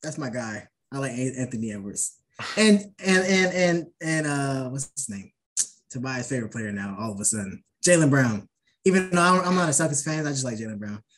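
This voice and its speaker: A man co-hosting a sports podcast in casual chat, excitable and stammering, often repeating himself. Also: medium pitch, fairly quick. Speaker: podcast co-host.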